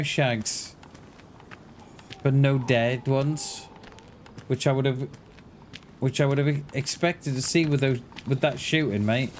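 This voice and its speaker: Slow, easygoing male game streamer. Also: medium pitch, a little hiss or hum. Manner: relaxed, joking banter with a teammate. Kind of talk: casual gameplay chat.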